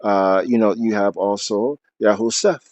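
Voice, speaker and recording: A man's voice: fairly low pitch, measured pace, a little mellow. A man reading aloud from his book, then explaining at length off the cuff with many fillers and restarts.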